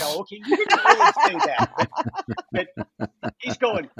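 A man's voice: very high voice, moderate pace, creaky, long pauses, slightly rough, no echo, dull audio. A man on a casual podcast who tells stories with energy and acts out both sides of the conversation in different voices. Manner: animated storyteller, acts out both sides of dialogue. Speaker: guest designer. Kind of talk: casual storytelling.

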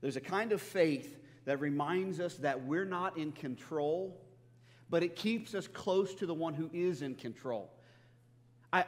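A man's voice: a little high, in a large hall. A man preaching a sermon, in an earnest, conversational style, often restarting his phrases and acting out what people say. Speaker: pastor.

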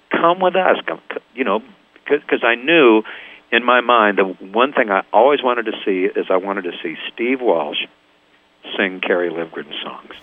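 An older man from Kansas, a band founder, telling his story in an interview and acting out the voices of the people in it. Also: fairly low pitch. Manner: lively storyteller, acts out quoted voices. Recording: tinny phone line.

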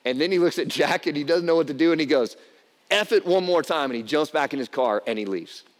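A man's voice: a little high, fast, in a large hall. A man preaching a sermon as pastor, telling stories in a conversational way that climbs to emphatic peaks.

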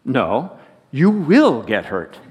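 A man's voice: mid-range voice, wildly swooping pitch, very slow, breathy edge, long reverb tail, exaggerated voice. A man doing a firm, patient star quarterback. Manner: matter-of-fact, firm.

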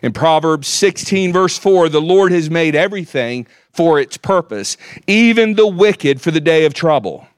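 A man preaching a sermon, reading scripture aloud with measured emphasis. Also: fairly high pitch, lively intonation, clear, resonant tone, no echo, studio quality.

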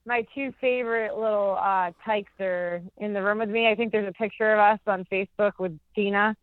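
A woman's voice: mid-range voice, steady tone, a little fast, no echo. A young woman chats through a story on a phone interview, rambling and full of "like"s. Her voice comes over a tinny, narrow phone line with no room sound at all. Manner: chatty, rambling, filler-heavy with many "like"s. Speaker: interview guest.

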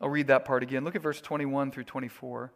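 A man's voice: medium pitch, little pitch movement, fast talker. A male pastor preaching a sermon in an earnest, emphatic, storytelling way.

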